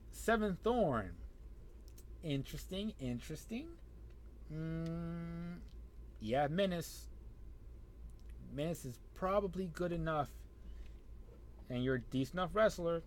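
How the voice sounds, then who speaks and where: Young man, casual let's-play muttering, lively up-and-down pitch, keyboard clicks. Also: a little hiss or hum. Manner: muttering, thinks aloud, addresses roster characters. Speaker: gameplay commentator.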